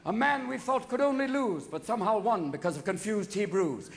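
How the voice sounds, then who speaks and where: High, manic stand-up comedian man. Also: lively intonation, vocal fry. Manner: rapid-fire, jumping into voices and shouted bursts. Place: large theater stage. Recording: live theater recording with audience noise. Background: audience laughter and applause.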